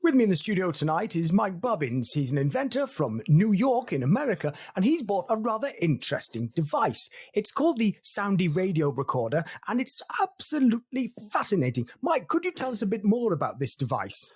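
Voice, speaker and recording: A man's voice: sits high, big pitch swings, brisk, hardly any pauses, slightly rough, voice pushed up, heavily acted. A man voicing a bumbling 1970s TV science presenter who stammers and apologises in an improvised comedy sketch. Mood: flustered. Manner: stammering, apologetic, formal announcer tone.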